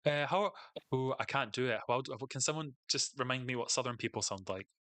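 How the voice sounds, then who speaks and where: A man narrating as game master of a tabletop game, halting and full of fillers as he describes scenes. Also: mid-range voice, a bit bright.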